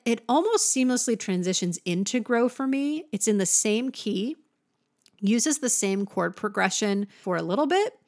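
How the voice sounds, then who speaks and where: A woman's voice: mid-range voice, dry recording, clean studio sound. A woman giving a casual, enthusiastic music lesson, breaking into sung examples now and then. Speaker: music teacher.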